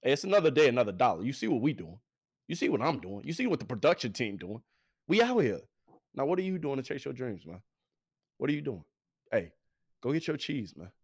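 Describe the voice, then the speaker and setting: A man's voice: mid-range voice, big pitch swings, fast talker, slightly rough, dry recording, studio quality. A young man, hosting a podcast with hyped, preachy, repetitive motivational talk. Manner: hyped, preachy, repeats himself. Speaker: podcast host.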